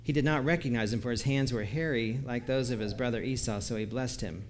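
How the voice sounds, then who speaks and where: A man delivers a sermon in an easy, conversational way, reading scripture aloud and chuckling lightly at his own asides. His voice sits in an ordinary middle pitch. A faint hiss of noise runs underneath. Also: fairly quick. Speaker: preacher.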